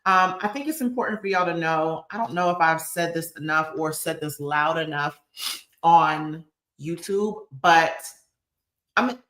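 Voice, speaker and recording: A woman's voice: low voice, measured pace, fairly bright tone. A woman hosting her channel's live chat. She talks in an earnest, emotional, motivational way and repeats phrases for emphasis. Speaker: YouTube channel host. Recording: echoey room.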